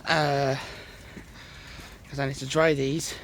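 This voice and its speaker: A man's medium-pitched, fairly bright voice comes across flat and slow, with a little hiss or hum. He's vlogging on a walk outdoors with his phone in hand, chatty and rambling, out of breath and sighing often.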